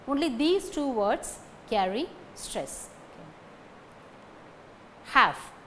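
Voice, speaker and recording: A woman's voice: a little high, sing-song, slow, pauses often, a bit bright, slight background noise. A woman with an Indian English accent teaching phonetics, repeating each example sentence and then calling out the stressed words. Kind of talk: slow recorded lecture with drilled example sentences.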